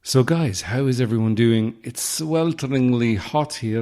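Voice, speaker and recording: A man hosting his own comedy podcast, rambling through deadpan absurd asides close to the mic. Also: fairly low pitch, a little slow, few pauses. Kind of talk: solo comedic podcast monologue. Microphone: close podcast microphone.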